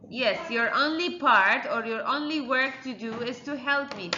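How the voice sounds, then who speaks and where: A woman's voice: a little high, unhurried, roomy sound, highs cut off, background noise. A woman teaching a classroom lesson, quizzing her pupils and repeating their answers back to them.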